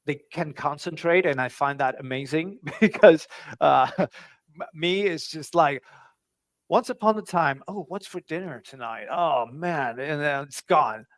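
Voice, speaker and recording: A man's voice: a little high, unhurried, no echo. A man speaking as a guest in a casual interview over a video call. He talks with many fillers and restarts. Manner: hesitant, full of fillers and restarts.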